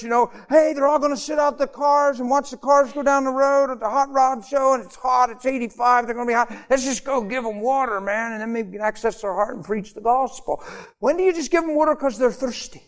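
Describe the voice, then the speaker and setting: High pitched guy preaching, all fired up then going soft and quiet. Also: a little fast. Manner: impassioned, swings from loud animated storytelling to hushed intimate tones. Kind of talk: sermon with storytelling.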